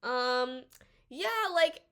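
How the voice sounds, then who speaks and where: Speaking extremely slowly in a high, clear, resonant voice, a woman vlogger casually discusses a drama series. Her commentary is animated and exasperated, rambling, with frequent stammering and restarted sentences.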